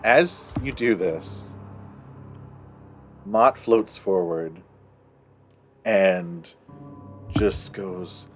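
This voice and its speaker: A man runs a tabletop game in a slow, unhurried voice that rises and falls a lot as he describes the scene. He often laughs and draws out his narration. Faint music plays behind him. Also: lowish voice. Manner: relaxed, laughing, drawn-out narration. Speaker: game master.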